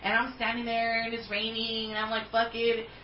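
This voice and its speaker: High-pitched woman, animated and profane storyteller, echoey room, slightly dull recording. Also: moderate pace, a little hiss or hum. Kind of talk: casual storytelling chat.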